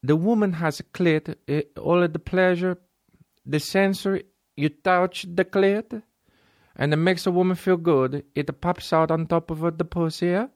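A man putting on an earnest, passionate Italian man with a high, eager voice and an Italian accent. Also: steady tone, unhurried, no echo, clean studio sound. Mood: pleading.

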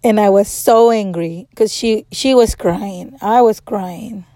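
Slow-talking woman. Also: medium pitch, mellow, dry recording. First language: Spanish. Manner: emotional, frank, swears freely. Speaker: mother. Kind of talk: casual personal storytelling.

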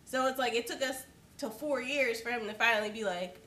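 A blunt, candid woman with a fairly high voice, swearing casually as she talks about her marriage. Her voice sits at a distance in an echoey room, over a faint hiss. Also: fairly quick, sharp tone. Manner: blunt, candid, profane storytelling. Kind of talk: casual chat.

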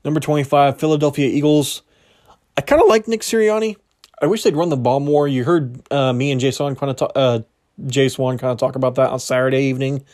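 Here a young man runs a solo sports podcast, his medium-pitched voice brisk, darkish in tone and a bit strained. He talks casually and rambles, repeatedly fixing his own words and laughing at himself.

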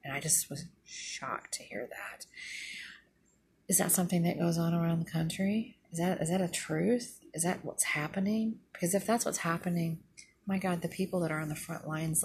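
Indignant middle-aged woman ranting to camera, low and a bit gravelly. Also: a little hiss or hum. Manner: indignant, retells conversations. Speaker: retired nurse vlogger. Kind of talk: casual venting monologue.

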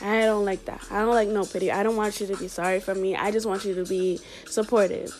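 A woman earnestly telling a personal story, halting and emotional as she speaks. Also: mid-range voice, fairly even intonation, darkish tone, faint music behind.

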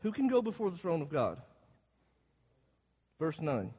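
A man's voice: on the high side, sing-song, measured pace, darkish tone, husky, in a large hall, highs cut off. A man preaching a Bible class, explaining the text and asking his listeners questions as he goes. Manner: asks the audience questions as he explains.

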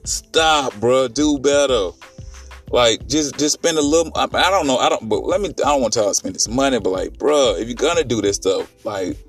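In a medium-pitched, slightly rough voice, a podcast host briskly recaps a film with hardly any pauses. His animated retelling is rambling and profane, packed with fillers and restarts. He's recorded from a distance over soft background music.

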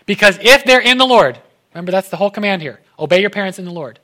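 A young man preaching a casual sermon in an animated way, acting out the voices of the people he quotes. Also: high-pitched, fast.

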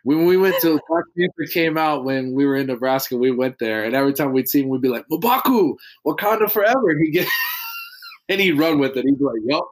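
A man's voice: mid-range voice, fast. A young man from small-town Ohio, a podcast guest telling rambling stories full of fillers in casual chat. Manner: rambling, filler-heavy storytelling.

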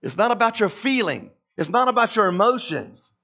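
A man delivers a lively sermon, his voice sitting high for a man. He slips into the voices of the characters he talks about. The sound is dull and lo-fi. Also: moderate pace. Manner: animated, acts out voices of Moses and God. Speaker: pastor.

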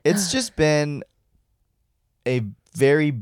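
A man's voice: a little high, lively intonation, measured pace, a little mellow, clear, resonant tone, no room sound, clean studio sound. A man co-hosting a podcast in casual chat, teasing his partner and steering topics. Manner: teasing, keeps the talk moving. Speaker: podcast co-host.

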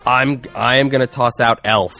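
A man's voice: medium pitch, steady tone, moderate pace, bright, forceful tone, soft background music. A man co-hosting a podcast, chatting casually and enthusiastically about films. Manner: enthusiastic, quotes movie lines. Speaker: podcast co-host. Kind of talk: casual chat.

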